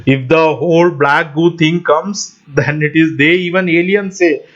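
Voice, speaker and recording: A non-native English speaker hosting his own channel rambles through a casual monologue, laughing mid-sentence and constantly addressing viewers as "guys." His slightly high, a bit bright voice is fairly even and a little slow, captured in dull lo-fi audio.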